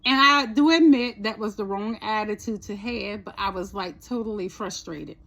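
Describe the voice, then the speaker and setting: A woman's voice: medium pitch, moderate pace, vocal fry, fairly bright tone. A woman vlogger casually telling a personal story, chatty, swearing a little and asking "right?" often.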